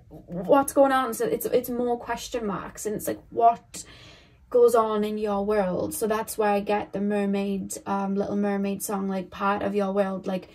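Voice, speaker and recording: A woman's voice: medium pitch, a little mellow. Rambling young woman giving a tarot reading. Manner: rambling, questioning, many fillers and restarts. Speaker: tarot reader. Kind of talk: casual tarot reading monologue.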